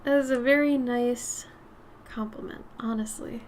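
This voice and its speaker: A woman with a raspy, smoky voice chatting casually while she paints on a live stream, her nose a little stuffy. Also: fairly high pitch, fairly even intonation, measured pace, a little hiss or hum. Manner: chatty, drifts between topics, soft murmured asides.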